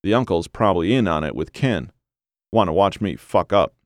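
A blunt, sarcastic male hiker who curses freely and grumbles at everyone, as the narrator reads him. The voice is very low and close, with a dry sound. It is a storybook figure with a sour, mocking tone. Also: expressive, moderate pace, no room sound. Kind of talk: audiobook character voice.

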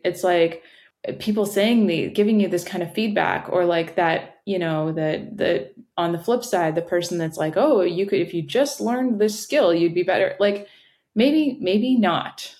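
A woman in her thirties speaks as a podcast guest, candid and blunt and not shy about swearing. Her voice sits a little low in pitch. She talks in a casual, conversational way about her own career. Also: gravelly, a little mellow. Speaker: podcast guest, former founder.

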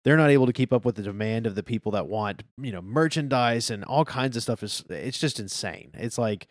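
A man's voice: mid-range voice, fairly quick, no room sound, studio quality. A man co-hosting a podcast, chatting in an easygoing, agreeable way about manga chapters, his sentences trailing off. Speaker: podcast co-host discussing a manga. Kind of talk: casual chat.

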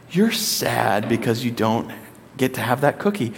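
A man's voice: medium pitch, animated, fairly quick. A man in his thirties preaching a conversational sermon, acting out quotes with playful voices. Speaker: pastor. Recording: long hall reverb.

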